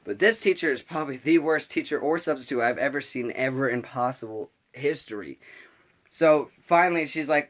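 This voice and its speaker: A teenage boy telling a story in a casual vlog, rambling and animated, full of restarts and filler words. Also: mid-range voice, a little fast. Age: teens. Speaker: vlogger.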